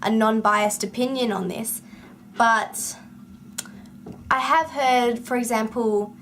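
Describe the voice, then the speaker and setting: A woman's voice: fairly high pitch, fairly even intonation, slow, long pauses, fairly bright tone, slight background noise. An Australian woman chatting casually to camera as a vlogger, with lots of ums and sentences that rise at the end. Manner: chatty with frequent ums and rising ends of sentences.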